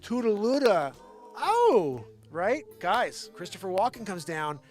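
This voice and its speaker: A man doing an impression of a celebrity as a realtor, giving a house tour with halting, oddly stressed phrasing. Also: sits high, big pitch swings, faint music behind, exaggerated voice. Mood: showy. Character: middle-aged male realtor, slow odd celebrity cadence.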